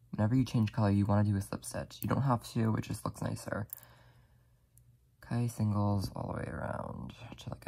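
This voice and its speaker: Working as she talks, a soft-spoken crafting tutorial host walks through casual step-by-step instructions, often apologizing and leaning on "like" as a filler. The voice sits mid-range, slightly rough, with vocal fry.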